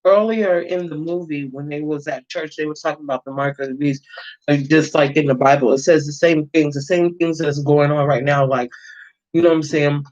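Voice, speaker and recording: A man's voice: on the high side, steady tone, a little fast, a little mellow, lo-fi sound. A man giving a casual, slangy movie review, rambling and swearing freely with lots of fillers.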